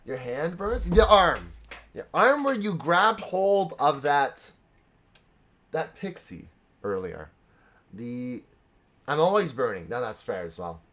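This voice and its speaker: A man's voice: fairly high pitch, very animated, slow, pauses often, fairly bright tone. A young man running a live-streamed tabletop game as dungeon master, mixing casual banter with dramatic narration. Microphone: streaming microphone.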